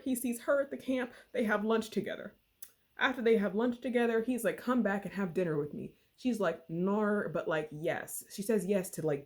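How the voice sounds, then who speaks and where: A woman's voice: lowish voice, a little mellow. A woman casually retelling a book's plot in a slangy, chatty way full of fillers. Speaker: book reviewer. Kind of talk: casual book recap.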